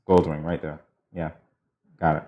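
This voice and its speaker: A man with a notably deep, low voice co-hosting a morning show. He keeps the banter loose and easygoing, laughing as he talks. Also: level tone, normal speed, phone-quality sound. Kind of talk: casual studio banter.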